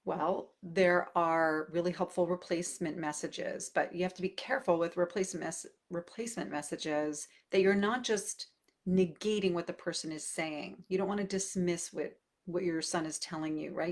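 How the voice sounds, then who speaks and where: A middle-aged woman, a parenting coach, talking casually and thoughtfully, with fillers and restarts, as she answers a question. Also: fairly low pitch. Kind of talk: casual advice talk answering viewer questions.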